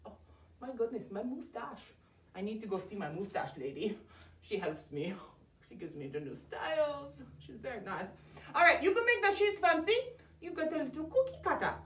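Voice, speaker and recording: A woman's voice: on the high side, big pitch swings, normal speed, fairly bright tone, slight background noise. A woman hosting a children's cooking demo, playing a goofy chef character, joking and asking young viewers questions. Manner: talks straight to young viewers, with many questions and jokes. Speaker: children's library program host. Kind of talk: playful kids' cooking demo. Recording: echoey room, mic somewhat far.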